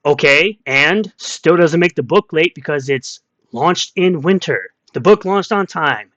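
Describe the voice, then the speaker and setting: A man's voice: on the high side, lively intonation, moderate pace, a bit bright, no room sound, muffled recording. A man giving ranting online commentary in a combative, mocking way, repeating insults as he reads out comments.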